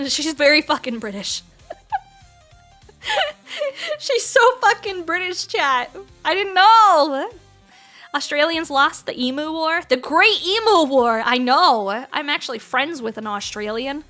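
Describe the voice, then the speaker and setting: A woman's voice: high-pitched, expressive, slow pace, bright, forceful tone, faint music behind. A woman in her thirties chatting casually on a livestream, playful, laughing often and swearing freely. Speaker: streamer.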